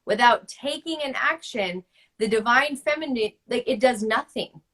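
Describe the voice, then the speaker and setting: Woman in her 30s, slightly high voice, fervent spiritual coach, emphatic and chatty, on a video call. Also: moderate pace, a bit bright. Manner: passionate and emphatic, peppered with "like". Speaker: host, book-writing coach.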